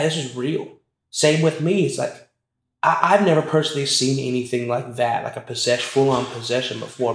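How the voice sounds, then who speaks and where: A man's voice: mid-range voice, gravelly. Rambling young man in a roomy space. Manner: rambling, many fillers and restarts. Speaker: interview guest telling a family story. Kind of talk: casual storytelling. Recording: roomy echo.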